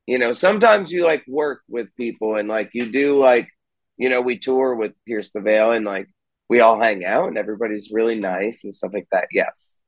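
A man's voice: fairly low pitch, normal speed, no room sound, rough recording. A young man, a musician who also hosts a podcast, talking candidly on a video call. He swears freely and acts out the people he quotes. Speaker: podcast host and band musician, guest here. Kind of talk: casual podcast chat.

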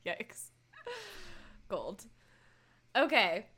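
A young woman co-hosting a casual chat, recapping a TV episode with lots of laughter and animated retelling of lines. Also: medium pitch, drawn-out words, husky. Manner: animated, laughing often, acts out quotes. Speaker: podcast co-host recapping a TV episode.

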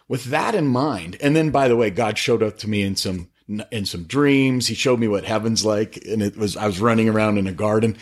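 A middle-aged man talking about faith on a podcast with eager, animated, preachy storytelling. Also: lowish voice, breathy edge. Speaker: podcast guest, faith-based business owner. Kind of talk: casual podcast conversation.

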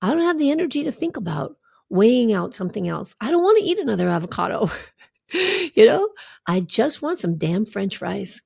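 A woman's voice: on the high side, big pitch swings, moderate pace, vocal fry, a little mellow, breathy edge, dry recording, clean studio sound. A middle-aged woman health coach talking candidly and conversationally, with asides to her listeners. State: recovering from a draining treatment. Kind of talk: casual personal talk to followers.

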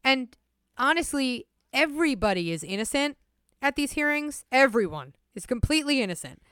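Young woman telling a story on a podcast, kinda high clear voice, dry close mic. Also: moderate pace, no room sound. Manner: laughs often, lively narration. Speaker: podcast co-host. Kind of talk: casual storytelling chat.

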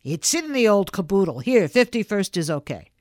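A woman's voice: mid-range voice, very animated, moderate pace, darkish tone, no echo, studio quality, lightly acted. A woman playing a wisecracking, jovial man. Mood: hearty. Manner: wisecracking, playful banter. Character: jovial teasing man, fond joker.

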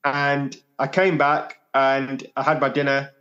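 A man's voice: medium pitch, flat delivery, sharp tone, highs cut off. Reflective man in his forties. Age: 40s. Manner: reflective, halting, repeats phrases. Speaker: podcast guest. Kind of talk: personal storytelling.

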